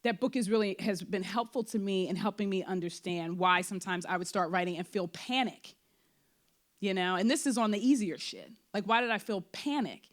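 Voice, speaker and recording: A woman speaking candidly at a post-show talkback about her play, full of fillers and quick acted-out bits of her own thoughts. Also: mid-range voice. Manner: animated, frequent fillers, acts out quoted thoughts. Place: theater before an audience.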